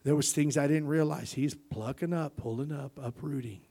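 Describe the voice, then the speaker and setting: A male preacher giving a sermon and personal testimony, peppering it with amens as he moves from soft, tearful recollection to loud, emphatic preaching. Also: fairly high pitch, moderate pace, vocal fry. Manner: punctuates with frequent "amen".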